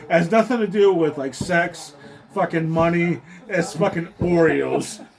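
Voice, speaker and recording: A man's voice: fairly high pitch, unhurried, creaky, a crowd in the background, poor audio. A man around forty hosting a casual podcast, rambling and swearing a lot, a bit tipsy, calling his listeners folks. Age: late 30s to early 40s. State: tipsy from drinking. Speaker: podcast host. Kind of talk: casual sports chat.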